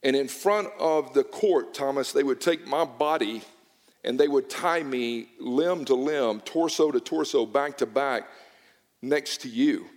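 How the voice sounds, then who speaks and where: A man's voice: medium pitch, measured pace. A man preaching a sermon to a congregation, dramatic and impassioned, with stammered repetitions when he gets intense. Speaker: pastor. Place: church hall. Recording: long hall reverb.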